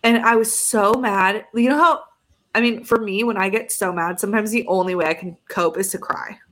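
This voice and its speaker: A woman's voice: mid-range voice, moderate pace, fairly bright tone. A young adult woman co-hosting a podcast, telling a story in a casual chat and acting out both sides of phone calls. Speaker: podcast co-host.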